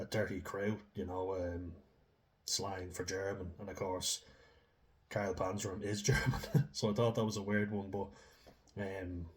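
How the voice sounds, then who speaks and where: A man giving rambling, chatty commentary on a true crime story, often reading passages aloud. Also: sits low. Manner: rambling and chatty, with laughs and restarts.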